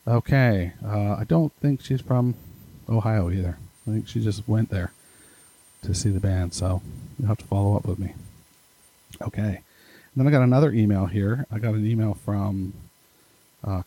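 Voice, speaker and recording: A man with a low, gravelly, mellow voice and a slightly husky edge hosts a casual podcast. He reads listener emails in a chatty, self-deprecating way, breaking off for quick asides. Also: rough recording. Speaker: podcast host.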